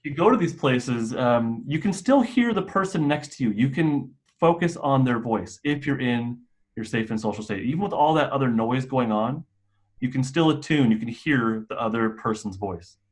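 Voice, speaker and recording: A man's voice: mid-range voice, lively intonation, normal speed. A man who works as a mental health clinician, presenting a staff and parent training in a casual, explanatory way with occasional restarts.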